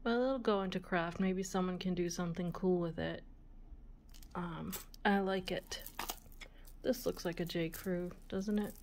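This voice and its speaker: A woman hosting a vintage jewelry video, musing aloud in a soft, relaxed voice and sometimes dropping to a whisper. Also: on the low side, a little hiss or hum. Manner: slow, soft-spoken, musing aloud, often drops to a whisper. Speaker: vintage jewelry channel host. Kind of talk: casual show-and-tell of jewelry.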